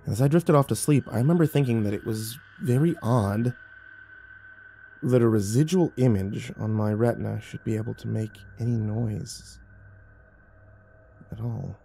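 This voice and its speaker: A man's voice: medium pitch, moderate pace, vocal fry, pauses often, warm tone, slight background noise. A man reading horror stories aloud, building tension and turning urgent in the action scenes. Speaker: horror story narrator. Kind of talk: dramatic horror story narration.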